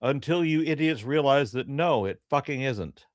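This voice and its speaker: A man's voice: medium pitch, lively intonation, normal speed, no echo, clean studio sound. A man co-hosting a live stream, talking bluntly and emphatically, with some profanity. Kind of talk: casual debate review chat.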